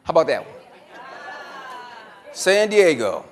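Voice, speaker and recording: A man's voice: a little high, sing-song, takes it slowly, some chatter behind. A man giving a motivational seminar talk as keynote speaker, quizzing the audience and repeating their answers back to them. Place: conference room with a live audience.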